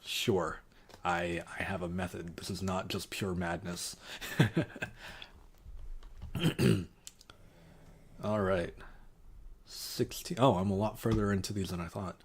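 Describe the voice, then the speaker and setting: A man's voice: deep voice, steady tone, slow, long pauses, slightly rough. A man streaming casually, reading quiz options aloud and muttering wry, sarcastic asides.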